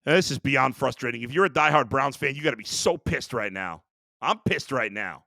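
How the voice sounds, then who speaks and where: A man's voice: mid-range voice, animated, brisk, vocal fry, sharp tone, dry recording, studio quality. A man hosting a sports show, ranting in a heated, exasperated way about his team. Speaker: sports talk host. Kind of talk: sports rant.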